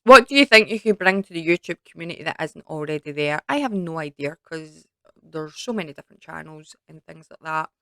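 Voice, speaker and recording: A woman's voice: low voice, animated, brisk, bright, forceful tone, no room sound. Scottish woman, young adult, casual rambling chat, dry close sound. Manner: chatty, rambling with many fillers. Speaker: YouTube creator.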